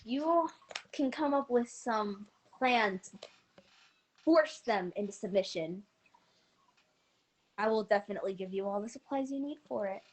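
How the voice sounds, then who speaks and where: A woman's voice: medium pitch, measured pace, pauses often, natural voice, low-quality recording. A woman voicing a scheming masked dealer.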